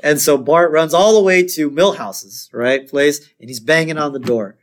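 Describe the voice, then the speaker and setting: Male podcast co-host, slightly high voice, casual recap chat, laughs a lot, raises his voice for quoted lines. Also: moderate pace.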